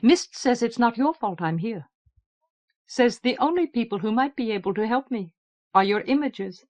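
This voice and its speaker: A woman's voice: a little high, animated, normal speed, a little mellow, natural voice. A woman voicing a blunt male alien soldier in an audiobook, plain-spoken and direct.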